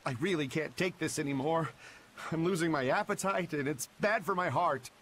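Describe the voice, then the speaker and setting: A man's voice: a little high, normal speed, a bit bright, slight background noise, natural voice. An actor playing a worried, gossipy fisherman in a video game.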